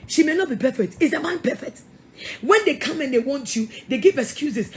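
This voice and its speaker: A woman's voice: high voice, animated, brisk, slight background noise. A middle-aged woman pastor with a Ghanaian English accent, giving an emphatic, scolding sermon-style talk with frequent laughs and repeated words.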